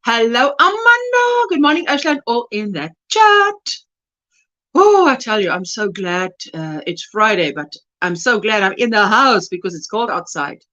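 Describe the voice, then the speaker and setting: A woman with a high, lively voice hosts a casual crochet livestream from her home. She chats in an affectionate way and greets each viewer by name. The audio is a little dull and lo-fi. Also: normal speed. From South Africa. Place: at home, indoors.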